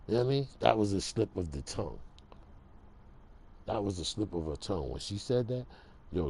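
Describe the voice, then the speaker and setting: A man's voice: a bass voice, vocal fry, warm tone, breathy edge. A man ranting casually to camera in a streetwise, emphatic way. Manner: streetwise, emphatic, repeats "bro". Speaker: vlogger.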